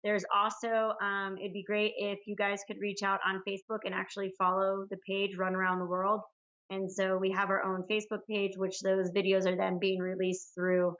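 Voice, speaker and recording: A woman speaking as a podcast guest over muffled, lo-fi remote audio. Her delivery is even and fairly flat in pitch, relaxed and a little rambling, with fillers here and there. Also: moderate pace. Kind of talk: casual chat.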